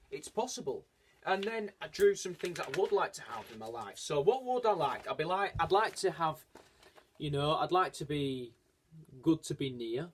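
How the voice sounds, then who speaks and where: Hesitant man, slightly high voice. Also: lively intonation, a little slow. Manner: hesitant, rambling, frequent restarts and fillers; earnest, encouraging. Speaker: vlogger. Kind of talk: casual personal vlog talk.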